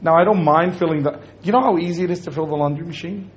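Animated, joking man giving a religious talk. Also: on the high side, fast, muffled recording. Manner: joking, animated, acts out little scenes. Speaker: speaker at an Islamic talk. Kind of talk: humorous religious talk to an audience.

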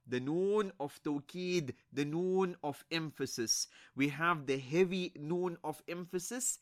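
A man teaching an Arabic grammar lesson in English. He speaks slowly and deliberately, repeats each example, and mixes Arabic words and religious phrases into his explanations. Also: a little high.

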